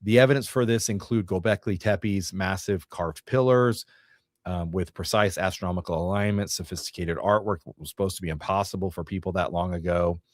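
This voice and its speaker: A man's voice: deep voice, brisk, no echo, clean studio sound. A man hosting a casual podcast, explaining theories in a rambling, self-correcting way. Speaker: podcast host. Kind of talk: casual chat.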